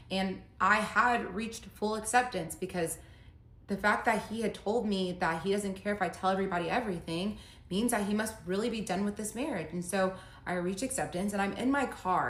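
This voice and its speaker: A woman's voice: medium pitch, a bit bright. A woman telling her own breakup story in a casual monologue, emotional, reading messages aloud in her own voice. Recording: echoey room.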